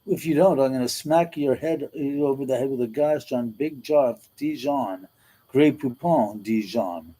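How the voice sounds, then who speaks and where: A middle-aged man hosts a casual livestream and chats loosely with his viewers. His voice sits at an ordinary middle pitch. He laughs easily and swears freely as he talks. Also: lively intonation, measured pace, mellow, low-quality recording. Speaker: livestream host. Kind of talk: casual livestream chat reading comments.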